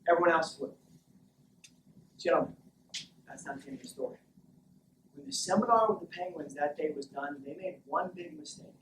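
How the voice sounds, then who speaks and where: A man coaching a team in a locker room, telling a story with high energy and shouting call-and-response lines. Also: normal speed, long pauses. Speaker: mental conditioning coach. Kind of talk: motivational speech to a team. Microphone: far camera. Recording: echoey locker room from far off, faint noise.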